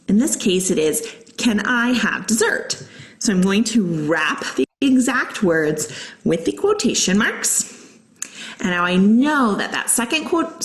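A woman teaching a grammar lesson as a guest teacher, explaining step by step and slowing down to read out examples. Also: mid-range voice. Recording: echoey room.

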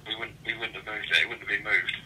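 Fast-talking brisk man on the phone. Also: on the low side, level tone, sharp tone, slight background noise, rough recording. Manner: brisk, puzzled questioning. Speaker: shop worker on the phone. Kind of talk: phone conversation.

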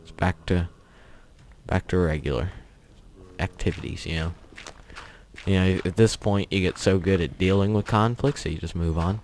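Low-voiced young man rambling casually. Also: normal speed, a little mellow, a little hiss or hum. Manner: rambling, chuckling, offhand storytelling. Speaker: gaming channel host. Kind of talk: casual commentary over gameplay.

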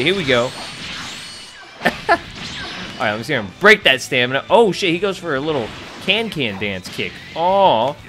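A young man giving excitable, profanity-laced commentary over his gameplay, laughing often. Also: medium pitch. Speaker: gaming YouTuber.

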